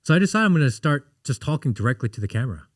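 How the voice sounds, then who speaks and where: A man in his thirties, a podcast guest, chatting casually and telling animated stories in which he acts out what people said. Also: medium pitch, rapid-fire, dry recording, clean studio sound. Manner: animated storyteller, acts out quotes. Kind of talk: casual interview chat.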